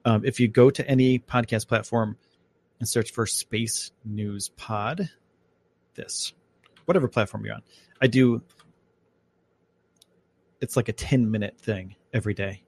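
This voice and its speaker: A podcast host from upstate New York rambles about space and his plans during a casual live stream, recorded on a home mic. His voice is on the low side and darkish, and he speaks unhurriedly with long pauses.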